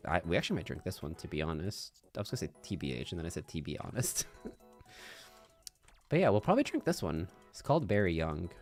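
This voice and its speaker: A man's voice: low voice, sing-song, fast talker, a little mellow, faint music behind. A man streaming, rambling in casual chat on a binaural microphone, thinking aloud with hums and little laughs.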